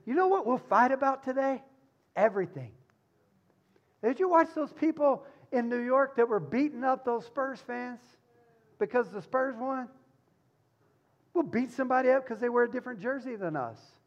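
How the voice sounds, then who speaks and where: Male pastor, fairly high voice, impassioned sermon delivery, dull lo-fi recording. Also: moderate pace. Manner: impassioned, swinging from loud urgency to hushed tenderness.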